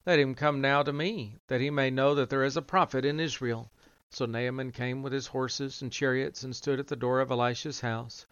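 A man giving a measured, even scripted reading of scripture, with little change of voice for the quoted speakers. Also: mid-range voice, smooth, no room sound, dull audio. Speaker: reader.

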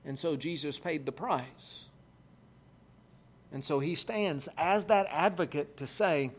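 A man's voice: fairly high pitch, slow. A man preaching a sermon in an earnest, emphatic way, repeating key phrases for weight.

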